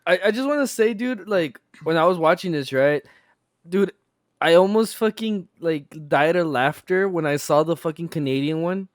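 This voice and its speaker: Man, high-pitched, excitable, stammering, casual podcast chat. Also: normal speed, no room sound, studio quality. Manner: excitable, stammering, swears freely. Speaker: podcast co-host.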